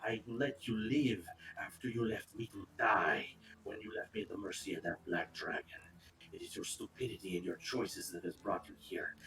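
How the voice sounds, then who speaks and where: A man voicing a grim warrior in a tabletop game who speaks quietly and with menace. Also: on the low side, gravelly, recorded from a distance, rough recording. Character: grim, cold-hearted male warrior.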